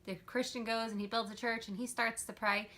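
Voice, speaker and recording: A woman telling a joke in a quick, breezy manner. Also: fairly high pitch, level tone, pushed and bright.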